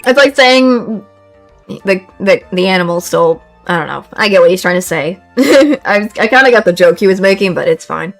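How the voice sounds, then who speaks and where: Woman streamer, lively swooping voice, chatty game commentary, faint music behind. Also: medium pitch, moderate pace. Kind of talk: live gameplay commentary.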